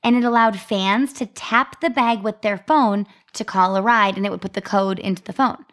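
A woman's voice: medium pitch, moderate pace, fairly bright tone. A young woman co-hosting a chatty podcast, telling an upbeat story and reading out marketing details. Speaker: podcast co-host. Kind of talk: casual chat.

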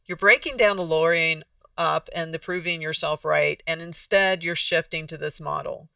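Gravelly, bright-voiced podcast host. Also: mid-range voice, fairly even intonation, moderate pace, no echo, studio quality, distant mic. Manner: conversational, restarts sentences, acts out example dialogues. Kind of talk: casual explanatory talk.

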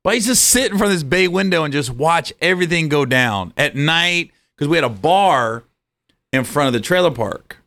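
Man, comedian, animated storyteller, bright tone, swooping pitch. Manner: animated storyteller acting out people, laughing often. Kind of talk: casual storytelling chat.

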